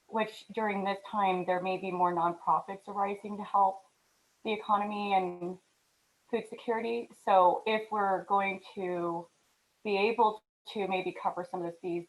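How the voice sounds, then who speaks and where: A woman's voice: mid-range voice, low-quality recording. Woman thinking aloud in a board meeting. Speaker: board member. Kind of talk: online meeting discussion. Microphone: video call.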